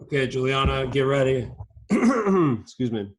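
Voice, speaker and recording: An upbeat, patient teacher running an online class for young children over a video call, firing off quick strings of questions. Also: medium pitch, very animated, a little hiss or hum.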